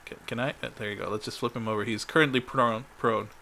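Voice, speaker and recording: Bright, gravelly dungeon master. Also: male voice, mid-range voice, steady tone, slight background noise. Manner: halting, fills pauses with "uh", laughs along. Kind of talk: running a tabletop game online.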